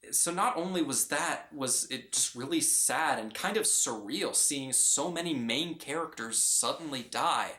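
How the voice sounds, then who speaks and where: A man's voice: mid-range voice, lively intonation, normal speed, hardly any pauses, bright, forceful tone. A man giving a casual, earnest film review, often restarting and repeating his phrases. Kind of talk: casual movie review vlog. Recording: roomy echo.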